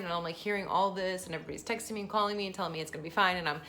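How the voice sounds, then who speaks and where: A woman's voice: lowish voice, fairly even intonation, very fast, sharp tone. A woman in her thirties vlogging casually about her daughter, chatty and emotional, often breaking into laughter. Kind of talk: casual personal vlog.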